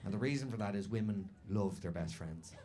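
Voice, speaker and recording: On a comedy stage, a man with a fairly low voice delivers brash, profane stand-up stories, speaking fairly quickly with lively intonation. Loud crowd laughter fills the set.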